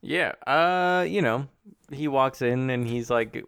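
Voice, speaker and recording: A man's voice: medium pitch, slow, creaky, fairly bright tone, clean tone. A man co-hosting a podcast, asking loose questions about the movie with plenty of likes. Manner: asks questions, loose and casual, lots of likes. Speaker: podcast co-host. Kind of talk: casual movie-review chat.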